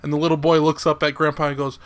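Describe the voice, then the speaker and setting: A man's voice: on the high side, flat delivery, very fast, background noise. A man in casual conversation, retelling a short joke. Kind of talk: casual chat.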